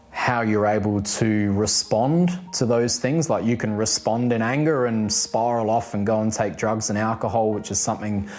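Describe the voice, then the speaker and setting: A man giving a candid, earnest interview answer in a measured way, with occasional fillers. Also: on the low side, a little mellow.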